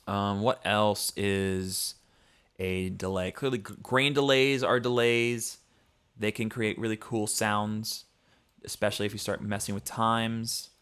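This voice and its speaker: Low-voiced man teaching mixing live. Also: fairly even intonation, measured pace, long pauses, fairly bright tone, clean tone. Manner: loose and conversational, thinking aloud with frequent ums; explains while demonstrating sounds on his computer. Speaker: music producer teaching mixing. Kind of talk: casual livestream tutorial.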